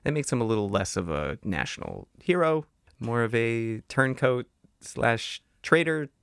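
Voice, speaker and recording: A man's voice: mid-range voice, big pitch swings, measured pace, vocal fry, a bit bright, clean tone, dry recording, studio quality. A man co-hosting a podcast, chatting casually with sarcastic, wry quips. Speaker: podcast co-host. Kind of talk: casual chat.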